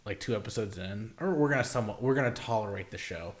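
A young man with a lowish voice talking in a loose, rambling way, peppering his speech with "like" and casual swearing. He co-hosts a podcast in relaxed, off-the-cuff chat. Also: quick pace. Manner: rambling, swears a lot, leans on "like". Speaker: podcast co-host.

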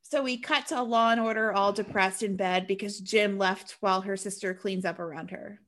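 A woman co-hosting a casual podcast, recapping a movie plot in a chatty, animated way with sarcastic asides. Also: mid-range voice, normal speed. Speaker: podcast co-host recapping a film. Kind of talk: casual chat.

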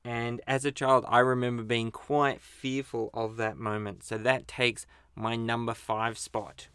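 A man hosts a relaxed movie countdown and chats easily between clips. His voice is smooth and clear at a mid pitch. It is recorded close and dry, with no room sound. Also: unhurried, no room sound. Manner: chatty, chuckles at his own slips. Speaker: podcast host. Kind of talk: casual movie countdown commentary.

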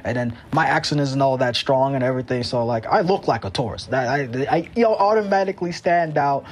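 A man's voice: medium pitch, brisk, slight background noise. A young man from Jamaica chats on a casual podcast. He tells his stories with plenty of energy and acts out the other people's lines, laughing as he goes. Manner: animated storytelling, acts out quotes, laughs often. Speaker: podcast co-host. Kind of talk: casual chat.

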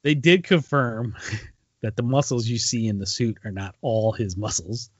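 A man in casual podcast chat, his voice at an ordinary middle pitch. He rambles through a story, stopping and restarting with plenty of ums. The sound is dry and a little dull. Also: a little slow, no echo. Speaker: podcast co-host.

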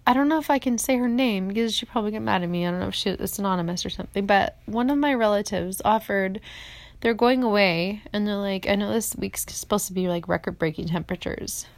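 A woman's voice: medium pitch, fast, no room sound. A woman in her forties hosting a podcast, talking off the cuff in an emotional, rambling way, speaking into a phone she holds. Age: 40s. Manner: emotional, rambling, tearful at times. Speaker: podcast host. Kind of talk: off-the-cuff personal monologue. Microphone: phone held in hand.

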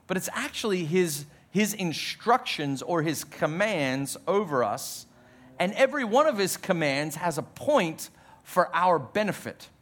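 A man preaching a sermon as pastor, emphatic, dropping his voice low on key words. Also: a bit bright.

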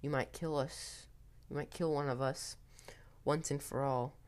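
A man reading a spooky story, voicing a sly, menacing teenage boy who taunts in a hushed, half-whispered voice. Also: mid-range voice, moderate pace, vocal fry, natural voice.

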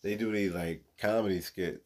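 A man's voice: low-pitched, normal speed. A man co-hosting a podcast, telling stories in slang with lots of laughter. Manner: animated storyteller, slangy, laughs a lot. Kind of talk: casual chat.

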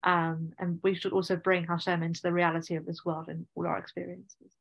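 Even-toned low-voiced woman host. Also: fairly quick, creaky, highs cut off. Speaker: podcast host. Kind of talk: interview conversation.

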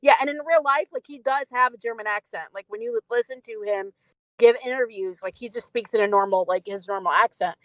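A woman's voice: on the high side, fairly quick, no room sound, rough recording. A woman co-hosting a podcast, chatting casually about a film with lots of fillers. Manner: chatty, many fillers and laughs. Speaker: podcast co-host.

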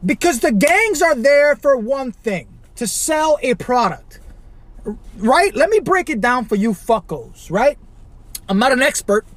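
A man's voice: extremely high pitch, sing-song, measured pace, no echo. Swearing man ranting from Chicago. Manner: swears constantly, loud outbursts, rhetorical "right?". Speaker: podcast host. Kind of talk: profane solo rant.

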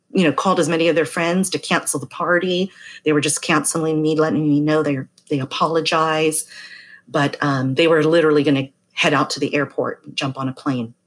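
A middle-aged woman, a massage therapist, telling a story in casual chat and acting out the voices of people she quotes. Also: sits low. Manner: chatty, acts out quoted voices.

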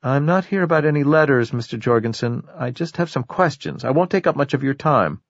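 A composed female police detective, as a male narrator puts her on, speaking in a slightly lifted, calm and firm voice. She stays controlled in this storybook reading. The sound is dry and a bit dull. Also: mid-range voice, a little fast, no room sound, voice pushed up, lightly acted.

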